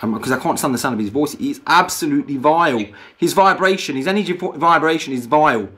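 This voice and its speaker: A man's voice: fairly high pitch, fast, bright, forceful tone. A man ranting profanely in a vlog, often asking "do you know what I mean". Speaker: vlogger. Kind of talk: angry rant over video clips.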